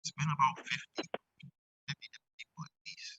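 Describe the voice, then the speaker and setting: A man talking as a guest in a casual video call chat, animated and boastful, still with his morning voice and cutting in and out on a phone mic. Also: brisk, no echo, low-quality recording.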